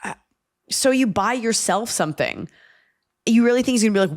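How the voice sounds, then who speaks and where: A woman's voice: mid-range voice, expressive, a little fast. A woman in her forties hosting an advice podcast, chatting casually and acting out little lines to make her point. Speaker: podcast host.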